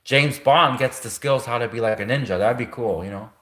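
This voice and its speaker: A man's voice: mid-range voice, brisk, a bit bright, reverberant. A man hosting a livestream, talking in a rambling, casual monologue full of fillers. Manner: rambling, heavy on fillers and restarts. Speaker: livestream host.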